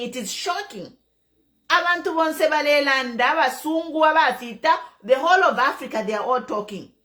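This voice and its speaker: A woman's voice: sits high, pushed and bright. A middle-aged Zambian woman giving impassioned political commentary, emphatic and repeating her key points. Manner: emphatic, repeats key phrases, mixes in local language. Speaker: online commentator.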